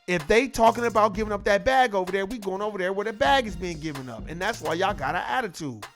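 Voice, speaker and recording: High-voiced man ranting emphatically. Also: expressive, fast talker, a bit bright, faint music behind. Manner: emphatic, profane and repetitive. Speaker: online commentator. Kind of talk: casual opinion commentary.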